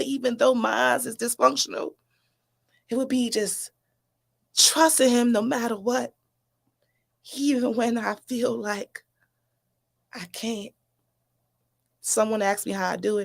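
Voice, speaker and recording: A woman performing spoken-word poetry with earnest emotion. Her voice is gravelly with some fry. It sits slightly high. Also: fairly even intonation, unhurried, long pauses. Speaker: poet, guest.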